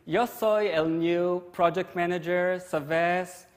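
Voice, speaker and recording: A man's voice: high-pitched, fairly even intonation, pitched above the performer's own voice. A man doing a pushy mock-Spanish project manager. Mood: eager. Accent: American accent over broken Spanish. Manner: exaggerated, playful, drawn-out words. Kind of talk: comic impression within a conference talk.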